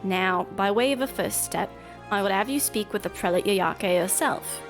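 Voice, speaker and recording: A woman's voice: mid-range voice, moderate pace, faint music behind, close to an everyday voice. A woman voicing a smug, scheming male guildmaster in a game, with a put-on accent and a grand, formal delivery.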